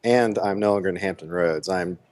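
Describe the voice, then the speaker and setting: Deadpan low-voiced male co-host. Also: fairly quick, no echo. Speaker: podcast co-host. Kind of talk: casual podcast chat. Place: coffee shop. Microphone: remote call.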